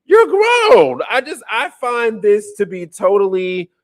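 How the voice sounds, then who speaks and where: High-voiced man ranting in profane disbelief. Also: wildly swooping pitch, takes it slowly. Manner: profane, incredulous ranting with laughs. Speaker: podcast host. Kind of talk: casual political commentary.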